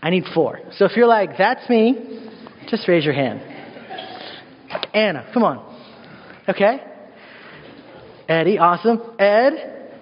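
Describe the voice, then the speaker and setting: High-voiced man preaching in a church. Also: unhurried, pauses often. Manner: animated storyteller with playful asides. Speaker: worship pastor. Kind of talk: sermon. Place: church sanctuary. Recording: dull sound, long hall reverb.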